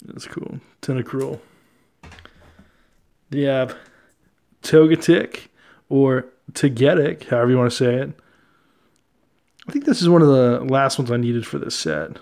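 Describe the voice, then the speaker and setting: A young man casually talking through his trading card collection, relaxed and chatty, often laughing and using fillers. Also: mid-range voice, normal speed, pauses often, clear, resonant tone. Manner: relaxed, chatty, easily amused, many fillers.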